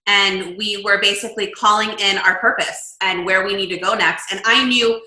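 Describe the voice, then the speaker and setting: Bright-voiced woman telling her story. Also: mid-range voice, moderate pace, reverberant, rough recording. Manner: animated, lively storyteller. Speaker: guest, shamanic healer. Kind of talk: casual storytelling chat.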